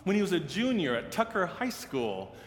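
A man, a pastor and seminary teacher, tells a story in a sermon, earnest, and he grows hushed and slow in the sad parts. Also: high-pitched, huge pitch swings. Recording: reverberant hall with faint ambience.

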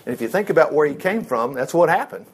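A man's voice: fairly high pitch, animated, quick pace, a little hiss or hum. A man giving a casual Bible study, folksy and digressive, who slips into little acted asides.

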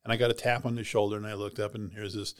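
Low-voiced man telling a story. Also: flat delivery, racing, clear, resonant tone. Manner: rambling anecdotal retelling with many "you know"s and "she goes". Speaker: interview guest, heart transplant recipient. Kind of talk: casual storytelling interview.

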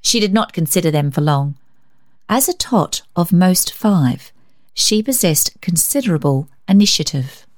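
Brief: woman reader, lowish voice, gentle and expressive storybook narration. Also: unhurried.

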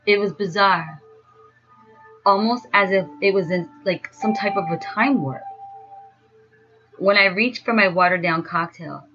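A woman telling a first-person story in a slow, dreamy way. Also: mid-range voice, bright, forceful tone. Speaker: narrator. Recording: dull lo-fi sound with faint music.

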